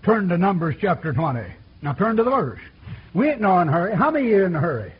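A man's voice: sits high, very animated, quick pace, highs cut off, slight background noise. A man preaching a sermon in a folksy, repetitive style, calling out to his congregation.

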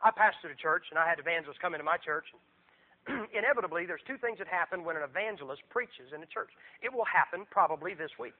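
A man preaching as a visiting evangelist with a high voice. He is emphatic, swelling loud and then dropping to a hush. The recording is thin and tinny, like a phone line. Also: expressive, fast talker. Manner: emphatic, swinging between loud and hushed. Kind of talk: sermon.

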